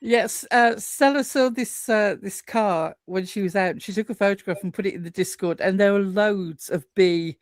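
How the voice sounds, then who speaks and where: A woman's voice: mid-range voice, normal speed, few pauses, no echo. Woman, live-stream co-host, chatty and indignant, dry close mic. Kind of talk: casual live-stream chat.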